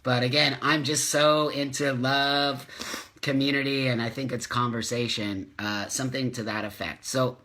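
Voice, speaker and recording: A man's voice: mid-range voice, fairly even intonation, normal speed, pushed and bright, slight background noise. Passionate man ranting on a live stream. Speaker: host of a live community video chat. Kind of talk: casual live-stream talk, reading viewer comments.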